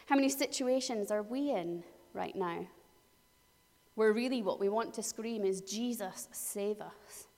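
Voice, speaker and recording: Woman preaching in an echoing hall. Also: medium pitch. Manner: lively storytelling, acting out voices in the story. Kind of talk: sermon.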